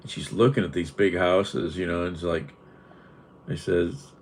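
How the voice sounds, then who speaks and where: A man's voice: sits low, steady tone, measured pace, slight background noise. A man vlogging in a casual late-night chat, telling stories, laughing at his own jokes and cooing at his cat. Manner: coos at his cat in baby talk.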